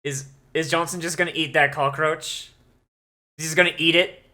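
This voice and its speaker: A man reacting to an anime episode as he watches, swearing freely and reacting in disbelief at what happens on screen. His voice is bright and forward, and he talks in a loose, casual way. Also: on the high side, fairly even intonation, moderate pace. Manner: profane, incredulous outbursts. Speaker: anime watch-along host.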